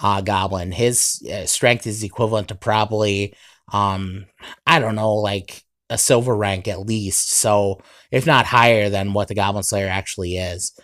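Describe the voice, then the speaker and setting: A young man retells an anime episode in a loose, rambling way, leaning on "um" and "basically". His voice is smooth and resonant, recorded dry and close with no room sound. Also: lowish voice, steady tone, a little slow, fairly bright tone, no echo. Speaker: anime reviewer. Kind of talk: casual episode recap.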